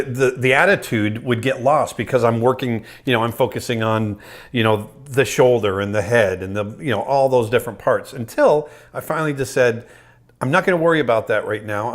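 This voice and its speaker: Middle-aged man, drawing tutorial, relaxed think-aloud narration, medium pitch. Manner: relaxed, thinking aloud while sketching, casual fillers. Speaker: animator and drawing instructor.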